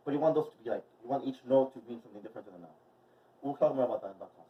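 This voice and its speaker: A man's voice: mid-range voice, rapid-fire. A man teaching a movement class in a casual, rambling way, with many fillers. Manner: rambling, filler-heavy, chatty. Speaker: movement and wellness instructor. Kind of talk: casual instructional vlog. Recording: dull, distant mic.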